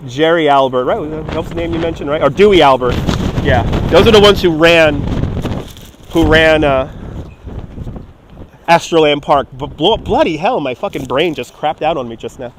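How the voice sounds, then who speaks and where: Walking through an amusement park with his phone on a handheld gimbal, a live streamer chats at a normal speed in an expressive voice on the high side. Background noise surrounds him as he laughs, curses and reads his viewers' messages out loud.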